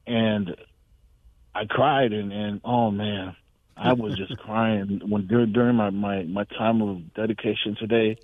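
Man, caller, low voice, rambling, halting, emotional, tinny phone line, dry. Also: steady tone, no echo. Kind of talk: call-in testimony.

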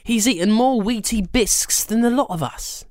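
A storyteller voicing a bossy, sharp-tongued girl who snaps and exclaims. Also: medium pitch, normal speed, dry recording, clean studio sound, voice pushed up, close to an everyday voice. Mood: scornful. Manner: snappy, exclaiming.

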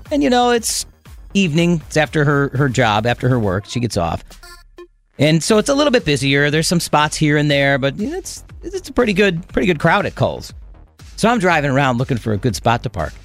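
A middle-aged man, hosting a casual radio chat and telling a story with animated back-and-forth voices. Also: a little high, a little fast, soft background music. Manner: animated storytelling, acting out both sides of an argument. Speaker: radio host.

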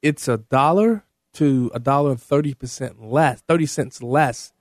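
A man hosting a talk radio show, excitable and quick to shout when he argues. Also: no room sound, studio quality. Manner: excitable, shouts and jumps high in pitch when arguing. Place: radio studio.

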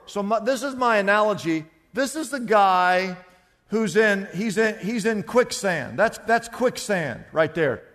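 A pastor with a high, fairly bright voice preaches a sermon in what sounds like a big room. He tells a story, acts out the voices of its characters, and repeats himself a lot.

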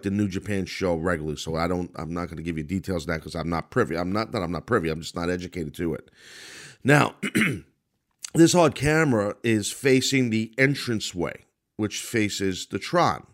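A man's voice: low-pitched, normal speed. A middle-aged man with a New York accent, hosting a wrestling podcast and giving blunt, rambling commentary full of restarts. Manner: blunt, rambling, self-correcting. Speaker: podcast host and former wrestling announcer. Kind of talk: casual commentary monologue.

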